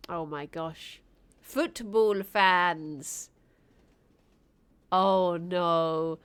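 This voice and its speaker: A woman's voice: fairly low pitch, extremely slow, smooth. A British woman streaming a game, reacting with giggly, teasing commentary. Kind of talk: let's-play commentary.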